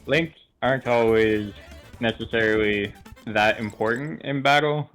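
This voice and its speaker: A man from Canada, chatting in a relaxed way on a game stream and explaining mechanics with a few fillers. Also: mid-range voice, measured pace. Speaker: streamer and co-host. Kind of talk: casual chat during a game stream. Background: game music.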